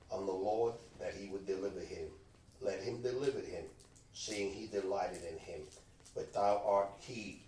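A man reading scripture aloud in a slow, measured way at a Bible study, now and then stumbling on a word. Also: low voice, darkish tone, a little hiss or hum. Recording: echoey room, distant mic, faint background.

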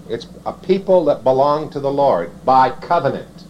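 A man preaching a sermon, reading scripture slowly and then explaining it in halting, self-correcting phrases. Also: mid-range voice, expressive. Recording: dull lo-fi sound with faint noise.

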